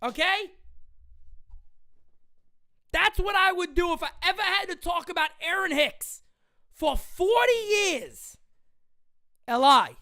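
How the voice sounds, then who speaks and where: Livestream host in her 30s: woman, fired-up profane rant, high voice, bright forceful tone. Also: lively intonation, takes it slowly, pauses often, no echo, studio quality. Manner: heated, profane, repeats points for emphasis. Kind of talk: sports fan rant on a livestream.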